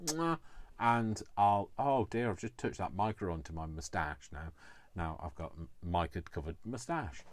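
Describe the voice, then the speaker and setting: A man with a lowish voice closes out a homemade crafting live stream, chatting loosely with plenty of ums and small jokes. He sounds affectionate toward his viewers. The sound is dry and close, with little room in it. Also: no room sound. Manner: rambling and chatty with many fillers; affectionate and jokey. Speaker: crafting vlogger. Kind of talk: casual live-stream sign-off chat. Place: home kitchen, indoors.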